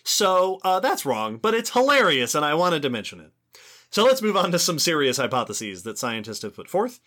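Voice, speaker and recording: A man co-hosting an educational podcast, explaining in an enthusiastic, lively way. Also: fairly high pitch, normal speed. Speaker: podcast co-host. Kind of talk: educational casual chat.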